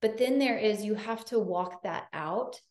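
A woman's voice: medium pitch, measured pace, darkish tone. A woman hosting a podcast, speaking earnestly and reflectively in casual conversation. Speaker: podcast host. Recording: roomy echo.

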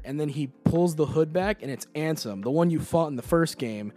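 Lively young man recapping a game. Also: on the high side, soft background music. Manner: animated, quick to act out characters' lines. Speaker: podcast co-host. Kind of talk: casual chat recapping a video game.

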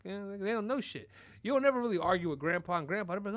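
High-voiced profane storyteller man. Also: very fast, no echo. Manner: profane, animated, keeps asking "you know what I'm saying". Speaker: podcast host. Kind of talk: crude comedic storytelling.

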